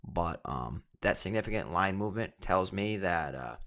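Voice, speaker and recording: A man, a fighter and co-host, chatting casually about fight betting in a relaxed way, thinking aloud with many asides. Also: sits low, moderate pace. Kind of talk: casual sports betting chat.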